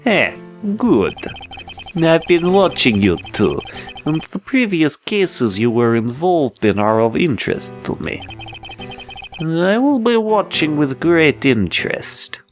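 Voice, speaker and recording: A tiny elderly mob boss, put on by a man in a thick mock Russian-Italian accent. He talks slowly and with calm menace, his lines drawn out. The pitch swings widely, and faint game music plays behind. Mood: menacing. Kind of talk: let's play voice acting.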